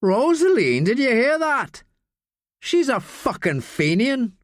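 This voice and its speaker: A man's voice: extremely high pitch, very animated, slow, no echo, studio quality, pitched above the performer's own voice, exaggerated voice. A man doing a sneering drunk student. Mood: drunken jeering. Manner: jeering, slurred drawl. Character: drunk bigoted young male student, sneering.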